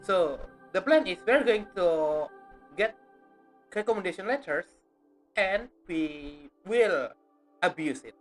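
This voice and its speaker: A woman's voice: lowish voice, animated, slow pace, long pauses, faint music behind, rough recording. A woman streamer chatting casually to her viewers while playing a game, giggly and informal. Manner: chatty, giggly, talks to chat as lads. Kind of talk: casual gameplay commentary.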